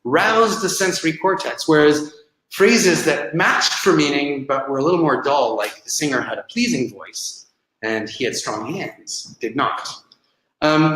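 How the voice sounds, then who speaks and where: A man's voice: fairly high pitch, a bit bright. Echoey man coaching with many ums. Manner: conversational, filler-heavy, explaining with examples. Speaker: presentation coach. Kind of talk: online coaching seminar.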